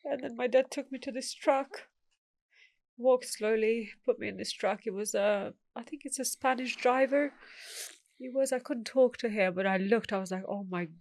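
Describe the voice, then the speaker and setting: A woman's voice: a little high, moderate pace, a little mellow, no echo, studio quality. A middle-aged woman, a guest telling her life story in an interview, acting out the voices of the people she quotes.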